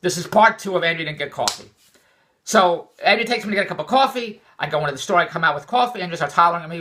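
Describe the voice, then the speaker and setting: A man's voice: high voice, very animated, fast talker, pushed and bright. An older man from Philadelphia, rambling and repeating himself in an exasperated personal vlog monologue. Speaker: vlogger.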